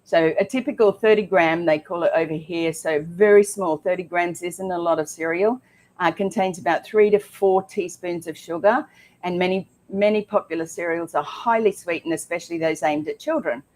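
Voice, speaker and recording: A woman's voice: on the low side, normal speed, a little mellow. A woman co-hosting a casual health talk show, chatty and emphatic with frequent ums. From Australia.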